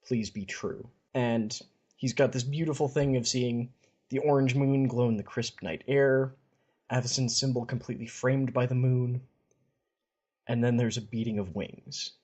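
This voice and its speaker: A man's voice: mid-range voice, steady tone, moderate pace, darkish tone, dull audio. A man casually retelling a fantasy story on a podcast, chatty and wry. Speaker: podcast co-host.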